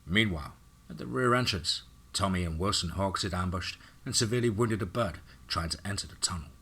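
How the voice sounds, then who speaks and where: Deep-voiced male horror narrator. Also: brisk, breathy edge. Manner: dramatic, steady storytelling.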